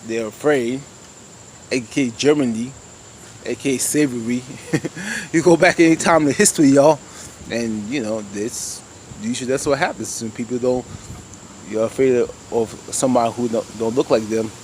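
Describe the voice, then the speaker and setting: A man's voice: mid-range voice, moderate pace, darkish tone, slight background noise, rough recording. Rambling man recapping with heavy fillers. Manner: rambling, many "you know" fillers, addresses viewers as "y'all". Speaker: TV show reviewer. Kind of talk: casual episode recap.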